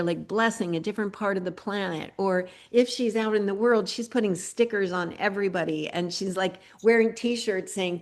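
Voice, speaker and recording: A woman hosting an online community gathering, talking earnestly and rambling with many fillers over a video call. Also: mid-range voice. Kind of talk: warm spoken tribute on a group video call.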